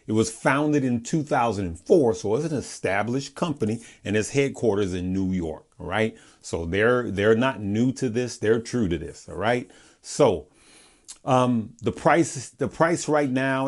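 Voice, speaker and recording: A man with a fairly low voice talks through stocks in a casual, chatty way. He keeps checking in with his viewers and restarts his phrases as he goes. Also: animated, unhurried. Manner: chatty, often checking in with "all right?" and "okay?"; conversational, with frequent restarts. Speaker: stock market video host. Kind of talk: casual video commentary.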